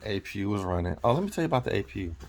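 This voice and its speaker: A man's voice: lowish voice, sing-song, rapid-fire, slight background noise. A man, a truck driver, telling a rambling story in a casual vlog and often correcting himself as he goes. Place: in or near his truck.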